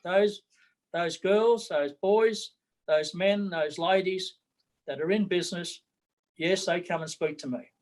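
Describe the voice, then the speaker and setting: A man's voice: sits high, takes it slowly, low-quality recording. A middle-aged man with an Australian accent, a political candidate talking bluntly in an interview, repeating his words as he goes.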